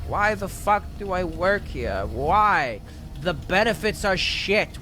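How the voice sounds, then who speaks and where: A man's voice: a little high, very animated, takes it slowly, sharp tone, slight background noise. A man giving let's play commentary in a sarcastic, exasperated way, swearing often. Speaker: gaming video creator.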